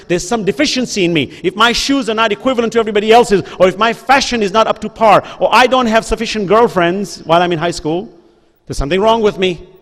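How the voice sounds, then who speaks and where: A man's voice: sits high, a bit bright. A man giving an impassioned religious lecture to an audience in a school hall. He uses earnest, repeated rhetorical questions and appeals. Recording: reverberant hall.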